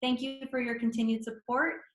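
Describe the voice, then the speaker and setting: A woman's voice: high-pitched, little pitch movement, a little fast, fairly bright tone. Woman judge in an echoey room. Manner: polite, scripted. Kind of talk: recorded video greeting.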